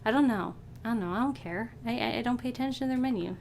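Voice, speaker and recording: A woman's voice: on the high side, fast, gravelly, crowd noise. A woman streaming a dating sim game, chatting casually, joking and swearing freely. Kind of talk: casual let's play chat.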